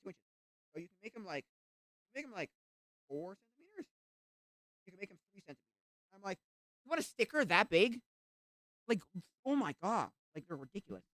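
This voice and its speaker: A live streamer chatting casually while browsing at the computer, rambling and filling every pause with "like". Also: mid-range voice, very animated, dry recording, clean studio sound. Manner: rambling, heavy use of "like".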